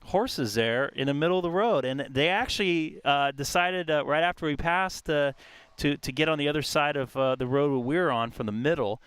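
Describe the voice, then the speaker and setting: Guy rambling on his ham radio stream outside in a park, kinda high voice, smooth. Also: normal speed, a bit bright, dry recording. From California. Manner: rambling, chatty, lots of fillers. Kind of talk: casual live stream chat. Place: outdoors in a park.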